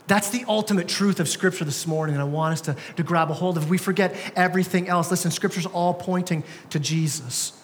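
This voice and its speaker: Speaking briskly with hardly any pauses, a young male pastor with a high voice gives a casual, slang-filled sermon and keeps restarting his thoughts. The church sanctuary adds long reverb, along with slight background noise.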